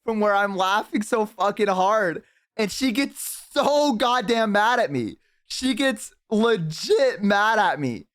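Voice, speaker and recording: A man's voice: high voice, expressive, takes it slowly. Profane laughing streamer man. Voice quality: profane, laughs hard and loud. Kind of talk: casual storytelling to chat. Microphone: headset.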